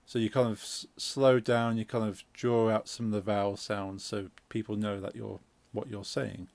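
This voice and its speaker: Midlands man, stream host, gravelly, rambling explainer, dry close mic. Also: on the low side, flat delivery, moderate pace, darkish tone, dry recording. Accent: English Midlands. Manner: rambling, explanatory, many fillers and restarts. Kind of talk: casual chat while gaming.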